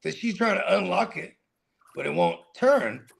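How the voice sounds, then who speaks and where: A young man co-hosting a football watch party, telling animated stories in casual chat and swearing freely. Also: high-pitched, moderate pace, vocal fry.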